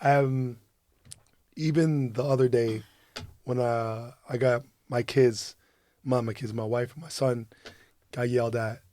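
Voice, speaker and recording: A man's voice: medium pitch, takes it slowly, long pauses, no room sound. A man co-hosting a podcast, chatting casually, swearing freely and laughing often. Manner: profane, laughs often, animated storyteller. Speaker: podcast co-host. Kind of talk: casual chat.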